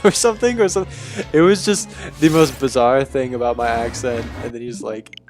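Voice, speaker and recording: A man's voice: mid-range voice, moderate pace, faint music behind. A young man from Bermuda with a mixed, faintly English-tinged neutral accent, chatting casually and rambling on a live stream, swearing freely.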